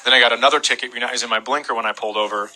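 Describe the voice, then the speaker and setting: A male stand-up comedian telling stories deadpan, acting out the people in them, on a club stage. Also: mid-range voice, very fast, a little hiss or hum, rough recording. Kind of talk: stand-up storytelling. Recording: live club with audience laughter.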